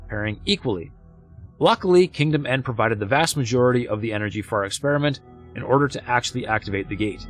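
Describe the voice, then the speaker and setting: A man's voice: medium pitch, close to an everyday voice. A man putting on a formal newscaster voice. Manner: measured, formal read-aloud delivery. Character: formal male newscaster reading a report. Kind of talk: reading game text aloud in character.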